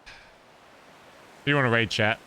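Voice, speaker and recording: A male streamer chats loosely with his audience as the stream wraps up, asking them questions and reassuring them. His voice sits in a middle register and has a bright, crisp edge. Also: medium pitch, fairly even intonation, moderate pace, slight background noise. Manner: chatty, addresses viewers directly, frequent "okay?". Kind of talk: casual end-of-stream chat.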